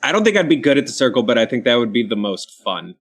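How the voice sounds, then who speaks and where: A man from Kentucky hosting a casual panel chat, talking in quick asides full of ums and restarts. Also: medium pitch, very animated, a bit bright, slightly rough. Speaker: show host.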